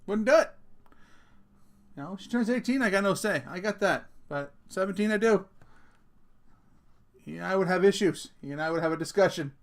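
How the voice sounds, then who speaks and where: Animated ranting dad, fairly high voice. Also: male voice, normal speed, long pauses. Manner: animated and emphatic, jumps loud, swears casually. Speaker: vlogger, father. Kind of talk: casual rant to camera.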